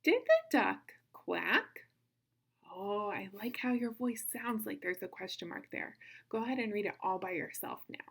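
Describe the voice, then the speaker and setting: A woman teaching a kindergarten phonics lesson, sounding out words slowly in an encouraging sing-song way. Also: mid-range voice, steady tone, breathy edge. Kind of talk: phonics lesson for young children.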